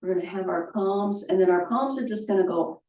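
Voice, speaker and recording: A woman leading a qigong movement class, calmly cueing each breath with chatty asides. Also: mid-range voice, brisk. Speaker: qigong instructor. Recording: roomy, distant, dull audio.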